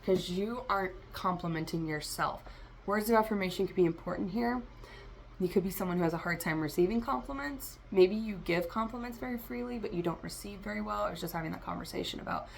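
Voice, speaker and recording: A woman with a low, gravelly voice full of vocal fry gives a tarot reading for her vlog. She rambles and free-associates, speaking straight to her listeners, with a faint noise underneath. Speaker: tarot reader.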